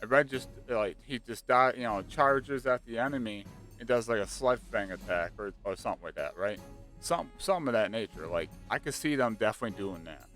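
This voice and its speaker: A man chatting casually and excitedly about a video game, rambling with lots of fillers. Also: lowish voice, brisk. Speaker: gaming channel host. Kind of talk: casual speculative chat. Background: faint background music.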